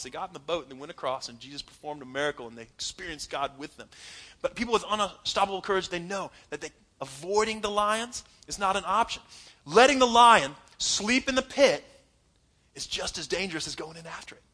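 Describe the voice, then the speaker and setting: High, bright-voiced preacher man. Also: animated, a little fast. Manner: emphatic, conversational, laughs while preaching. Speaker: pastor. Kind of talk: sermon.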